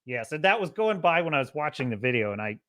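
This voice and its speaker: A man hosting a casual livestream podcast, opinionated and animated, sliding into heated ranting about culture and movies. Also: fairly high pitch, fast. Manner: imitates radio DJ cadence. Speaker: podcast host.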